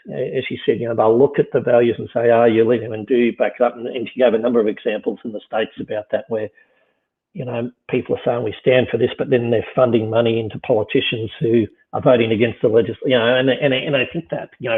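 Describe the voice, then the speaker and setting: Gravelly man on a tinny line. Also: medium pitch, steady tone, quick pace. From Australia. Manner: rambling, many "you know" fillers and restarts. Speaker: business leader guest. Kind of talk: casual conversation.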